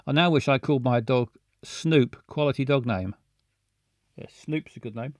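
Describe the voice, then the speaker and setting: A man hosting a live show, chatting casually in a halting, playful way with many restarts and silly jokes. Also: mid-range voice, dry recording, clean studio sound. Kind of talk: casual rambling live chat.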